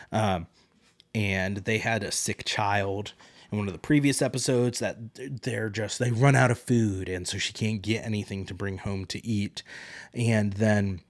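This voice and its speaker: A man's voice: lowish voice, no room sound. Chatty man recapping solo, dry sound. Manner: chatty, rambling, acts out quotes. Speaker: podcast host.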